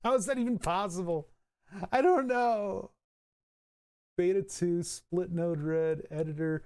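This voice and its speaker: Streamer swearing through software trouble. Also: mid-range voice, a little slow. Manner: thinks aloud, swears, laughs at own frustration. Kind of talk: casual live-stream chat while fixing software.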